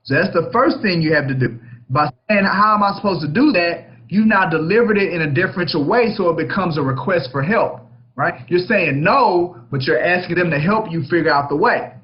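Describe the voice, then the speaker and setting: A man's voice: on the high side, lively intonation, a little fast, lo-fi sound. Emphatic man coaching, lots of "right?". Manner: emphatic, keeps checking in with "right?". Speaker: real estate broker hosting a coaching session. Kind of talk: coaching talk on a book chapter.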